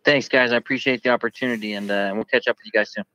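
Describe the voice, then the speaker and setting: A man's voice: medium pitch, fairly even intonation, rapid-fire, pushed and bright, low-quality recording. A man joining remotely as a guest, earnest and grateful in tone. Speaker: guest, racetrack announcer.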